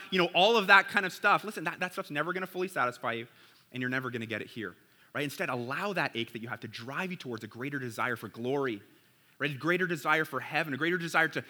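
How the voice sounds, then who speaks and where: A man's voice: fairly high pitch, pushed and bright. A man preaching a sermon to a church congregation in a casual, conversational way, often checking in with "right?". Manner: conversational, keeps asking "right?". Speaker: pastor.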